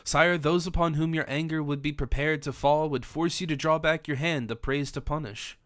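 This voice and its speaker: A man's voice: a little high, fairly even intonation, moderate pace, a bit bright, no room sound, studio quality, lightly acted. A man voicing a distraught, devout young woman in an audiobook, pleading in formal old-fashioned speech. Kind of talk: audiobook character reading.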